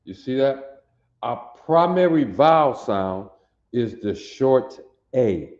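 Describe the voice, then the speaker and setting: A man teaching a language class, sounding out letters and repeating them slowly for students to copy. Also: mid-range voice, lively intonation, a little mellow. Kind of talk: classroom lesson, drilling sounds. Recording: roomy, dull lo-fi recording.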